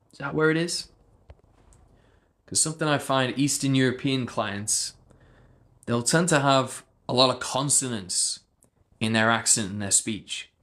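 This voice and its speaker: A man's voice: mid-range voice, a bit bright. A man, a speech coach, chatting casually on a livestream and answering viewers. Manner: chatty, loose, fillers, answers viewer comments.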